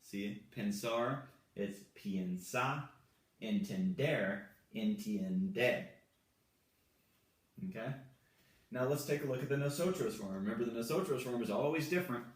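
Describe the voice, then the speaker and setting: A male Spanish teacher walking through verb forms at a whiteboard, slowly and patiently repeating each one. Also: medium pitch, animated. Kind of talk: whiteboard grammar lesson. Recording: echoey room, mic far off.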